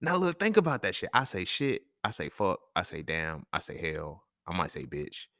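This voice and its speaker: Very deep-voiced man, animated profane rant. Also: normal speed, no room sound, studio quality. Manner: profane, animated, laughing often, slangy. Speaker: podcast host. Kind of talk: casual monologue.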